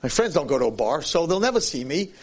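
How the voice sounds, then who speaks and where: A man giving a sermon as a Jewish lecturer, telling a story with animated, swinging delivery. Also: fairly high pitch, fast talker, breathy edge.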